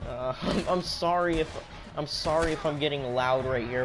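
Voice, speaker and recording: A man talks over his gameplay in a slightly high voice, venting his frustration in a running rant. He answers chat as he goes. Music plays clearly behind him. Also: normal speed. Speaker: gameplay commentator. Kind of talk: live gameplay commentary.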